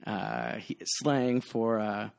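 A man in his thirties, a bartender guest on a podcast, telling stories in a casual, animated way and acting out the people in them. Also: on the low side, extremely slow, gravelly. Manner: animated storyteller, acts out quoted voices loudly.

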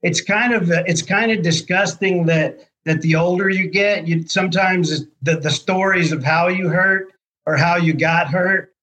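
A man's voice: sits high, steady tone, measured pace, bright, forceful tone, rough recording. A man speaking as a podcast guest in a friendly, chatty way, with lots of fillers. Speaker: podcast guest, energy advisor. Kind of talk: casual interview talk.

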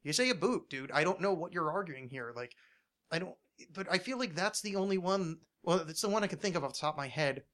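A man hosting a podcast, talking casually and ranting with plenty of swearing. His voice is bright and forceful and sits a little high for a man. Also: lively intonation, fast. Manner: ranting, swears a lot, many restarts. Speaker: podcast host.

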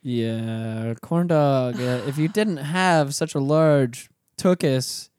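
A man hosting a casual podcast, sarcastic and frustrated, swearing freely as he sips scotch. His voice sits in an ordinary middle pitch. He is recorded close and dry, with no room sound. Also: slow pace, darkish tone, clean tone, no room sound. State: drinking scotch. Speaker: podcast host. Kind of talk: casual crude banter.

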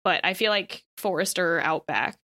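A woman hosting a podcast in casual group chat, excitable, laughing often and swearing casually. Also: on the low side, moderate pace. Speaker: podcast host.

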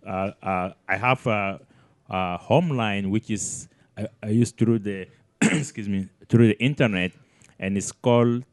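A man with an Egyptian accent speaks slowly and haltingly on a studio talk show, often restarting while he searches for words. His voice is fairly low, smooth and resonant, and it is recorded dry and close. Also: dry recording. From southern Egypt. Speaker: studio guest. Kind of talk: casual chat. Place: live studio in front of an audience.

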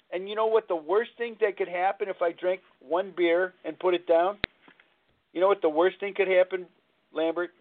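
A man's voice: high voice, fairly even intonation, moderate pace. A man hosting a call-in recovery talk show, telling a personal story in an earnest, rambling way. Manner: rambling, earnest, repeats himself. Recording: tinny phone-line sound.

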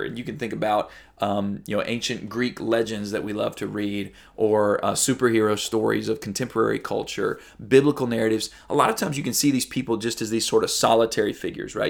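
A man preaching a sermon in a gravelly, mid-range voice. He talks to his listeners earnestly and conversationally. Now and then he reads Bible verses aloud or mimics the voices of ordinary people. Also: medium pitch. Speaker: pastor.

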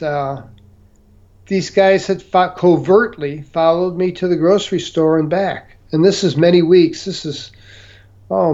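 Man, guest, hesitant storytelling, many fillers, slow pace, dull lo-fi sound. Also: a little high, mellow. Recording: dull lo-fi audio.

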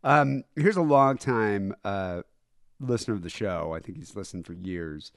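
A man hosting a podcast, crude and quick to laugh, firing off questions. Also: on the low side, expressive, no echo, clean studio sound. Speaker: podcast host. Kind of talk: casual chat.

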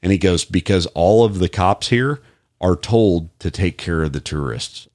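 A man's voice: low-pitched, normal speed, a little mellow, no echo, clean studio sound. A man with an American accent, a police officer on a podcast, telling stories in a rambling, casual way with many restarts. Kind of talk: casual chat, storytelling.

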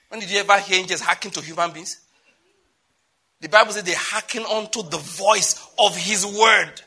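An animated male preacher with a husky, bright, high voice that rises and falls widely. He swings from loud exclamations to quiet, conversational asides as he preaches. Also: normal speed. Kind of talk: sermon.

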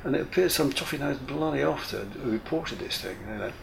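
An older man, a retired airline captain, telling a lively, mildly profane story in an interview. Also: mid-range voice, fast talker, creaky, a little hiss or hum. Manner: lively, swears casually, full of restarts. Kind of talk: casual anecdotal storytelling.

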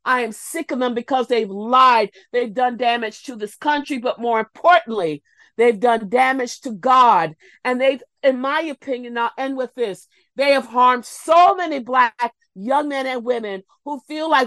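A woman's voice: fairly high pitch, a little slow, fairly bright tone, dry recording. A woman guest commentator speaking emphatically and emotionally on a talk show, building to anger. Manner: emphatic, preachy, rising to anger. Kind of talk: impassioned political talk.

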